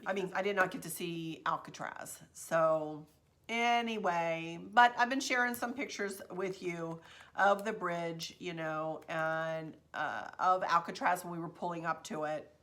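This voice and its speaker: A woman telling a story in a chatty, expressive vlog. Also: on the low side, unhurried. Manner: chatty, expressive, says "y'all". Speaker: vlogger.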